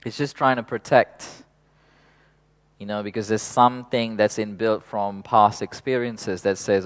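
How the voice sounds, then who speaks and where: A man leading a workshop in an unhurried, reflective way, laughing softly now and then and swearing casually. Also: lowish voice. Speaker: workshop facilitator.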